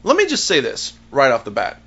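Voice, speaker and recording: Bright-voiced man ranting about movies. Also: mid-range voice, huge pitch swings, a little fast, husky. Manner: ranting, swearing, blunt. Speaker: podcast co-host. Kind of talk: casual movie review chat. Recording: dull lo-fi recording.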